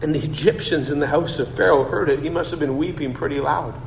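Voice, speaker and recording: A man's voice: on the high side, steady tone, fast, creaky. A man preaching a sermon, retelling a Bible story in his own words and often repeating himself as he goes. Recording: long hall reverb, faint noise.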